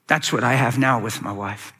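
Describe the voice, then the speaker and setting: A middle-aged male pastor preaching a sermon, telling stories with animated acted-out quotes. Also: medium pitch, moderate pace, a little hiss or hum. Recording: long hall reverb.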